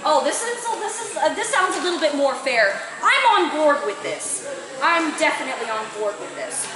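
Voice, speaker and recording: A woman's voice: sits high, big pitch swings, moderate pace. A woman voicing an earnest, puzzled young male adventurer with an eager manner. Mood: relieved. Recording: echoey hall with a live audience.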